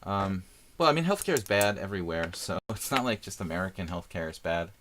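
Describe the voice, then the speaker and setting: With a deep, bright voice, this middle-aged chess streamer talks briskly and animatedly, reasoning through his moves aloud with many fillers. Slight background noise sits under the casual live-stream chat.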